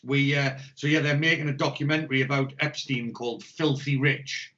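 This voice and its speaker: A man's voice: medium pitch, steady tone, normal speed, a bit bright. An English man co-hosting a podcast, chatting casually and rambling with lots of swearing and jokes. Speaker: podcast co-host. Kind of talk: casual chat. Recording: dull lo-fi podcast audio.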